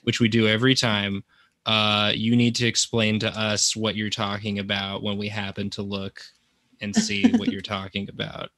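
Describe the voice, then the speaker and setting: A man's voice: lowish voice, moderate pace, sharp tone, dry recording. A man co-hosting a drawing livestream, talking in an easygoing, rambling, joking way. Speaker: stream co-host. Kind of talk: casual chat while drawing on a livestream.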